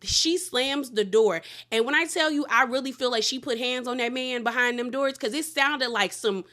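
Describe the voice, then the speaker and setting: Woman, fairly high voice, casual recap host, blunt and gossipy, acts out quotes. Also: moderate pace, pushed and bright.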